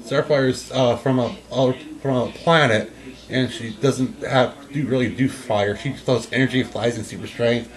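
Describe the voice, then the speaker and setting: A man talking in a relaxed, unscripted chat, often stopping and restarting mid-thought. His voice sits at an ordinary middle pitch. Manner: rambling, halting, with restarts. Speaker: co-host. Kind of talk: casual chat.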